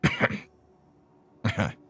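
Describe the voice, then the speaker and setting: Extremely slow, bright and forceful, this streamer's voice carries through a casual live-stream chat. He plays a game while rambling, joking crudely with his viewers.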